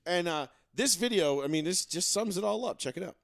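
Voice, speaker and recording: A man hosting a casual sports talk show, trading profane, animated banter with his co-hosts. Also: sits high, a little fast, vocal fry, hardly any pauses, dry recording, studio quality. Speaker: podcast host.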